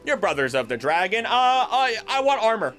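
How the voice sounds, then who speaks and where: A man's voice: high voice, big pitch swings, normal speed, fairly bright tone, faint music behind, pitched above the performer's own voice. A man voicing a brash male monkey king demigod in a swaggering Southern drawl. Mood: cocky. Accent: American Southern.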